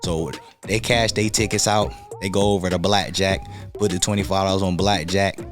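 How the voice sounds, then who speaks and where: A man's voice: low voice, steady tone, moderate pace, faint music behind. A man from North Carolina telling a story in a casual, slangy way and acting out other people's lines.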